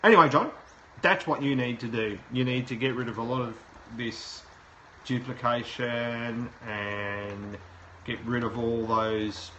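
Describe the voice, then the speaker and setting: Bright-voiced man reviewing a website live. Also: mid-range voice, a little slow, a little hiss or hum, low-quality recording. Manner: thinking aloud, plain-spoken and direct. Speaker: SEO consultant host. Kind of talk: live website review, talking while browsing.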